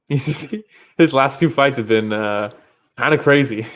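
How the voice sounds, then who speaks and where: A man's voice: medium pitch, a little slow. Male podcast co-host, casual fight talk, swears and laughs freely. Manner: loose, profane, laughs often.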